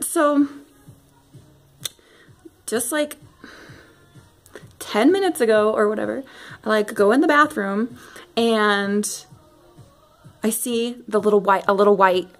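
A young woman vlogging a casual rant to camera at home, animated and giggly with lots of fillers. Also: medium pitch, a little slow, pauses often, soft background music. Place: home, near bathroom.

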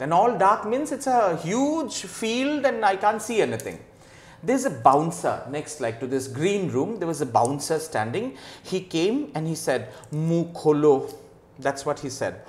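A man's voice: a little high, very animated, unhurried, echoey room. A man with an Indian English accent, a trainer and guest, telling a story in casual conversation. He acts out the people he quotes and slips in Hindi phrases. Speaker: faculty development trainer, guest.

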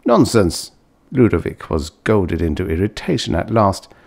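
Male audiobook narrator, low and expressive, reads old science fiction. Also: moderate pace. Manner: voices characters with raised pitch. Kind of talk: scripted narration of a vintage science fiction story.

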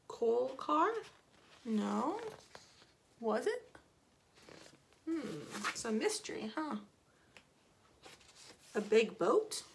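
A woman's voice: on the high side, gravelly, slight background noise. A woman reading a picture book aloud to children in a playful way. She asks them questions and acts out the sound effects, with small asides and corrections along the way. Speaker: children's story reader.

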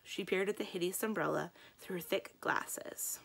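A woman librarian reading a children's book aloud in a calm, expressive storytelling manner. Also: fairly low pitch, normal speed, vocal fry, few pauses, breathy edge.

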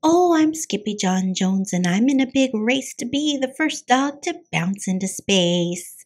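A woman voicing Skippyjon Jones, an excitable young male Siamese kitten who plays a chihuahua, in a bouncy, exclaiming storybook voice with mock Spanish flourishes. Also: on the high side, unhurried, voice pushed up. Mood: playful.

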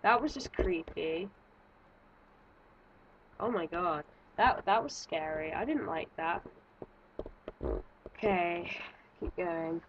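A woman's voice: fairly low pitch, takes it slowly, long pauses, highs cut off, slight background noise. A woman giving nervous, jumpy let's-play commentary, thinking aloud and exclaiming as she plays. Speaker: gaming video creator.

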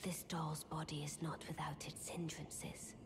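Ranni, a hushed doll witch. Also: low voice, little pitch movement, a little slow, in a whisper. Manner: hushed, formal, archaic speech. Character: cold witch woman in a doll's body.

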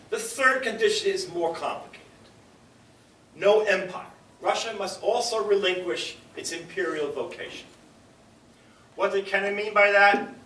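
Older male lecturer, emphatic, bright edgy tone, roomy distant sound. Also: high voice. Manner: emphatic, rhetorical questions and asides to the audience. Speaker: professor giving a public lecture. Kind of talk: public lecture. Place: lecture room with an audience. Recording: echoey lecture hall from far off.

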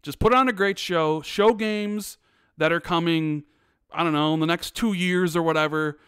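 A man's voice: a little high, moderate pace, smooth, dry recording, studio quality. A man co-hosting a podcast in casual chat, ranting emphatically and repeating himself for stress. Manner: animated, emphatic ranting with repetitions. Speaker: podcast co-host.

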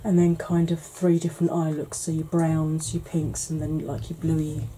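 A woman hosting a beauty channel, chatting casually and rambling softly while she declutters her makeup, with self-deprecating asides. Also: deep voice, flat delivery, normal speed, slight background noise, low-quality recording. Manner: soft, quiet delivery.

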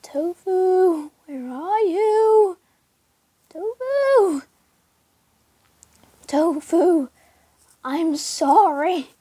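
A woman chatting casually through her gameplay video, excitable and yelping as she plays. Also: extremely high pitch, extremely slow, long pauses, no room sound. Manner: excitable, calls out and yelps while playing. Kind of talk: casual game commentary. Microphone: screen recorder mic.

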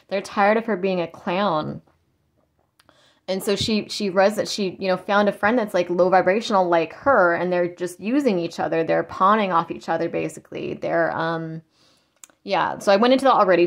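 A woman tarot reader channeling in a casual, rambling way, blunt and given to swearing. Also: fairly low pitch. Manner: rambling, blunt, swears, mocks in quoted voices. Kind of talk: casual spiritual channeling talk.

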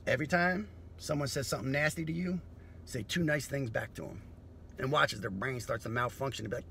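A man's voice: medium pitch, brisk, vocal fry, bright, forceful tone, slight background noise. A man comedian delivering a profane, philosophical monologue.

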